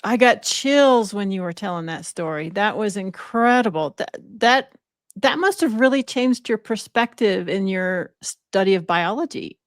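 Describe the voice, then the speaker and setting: Woman podcast host, effusive admiring reactions, very slow delivery, dry sound. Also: medium pitch, animated, no room sound. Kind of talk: interview.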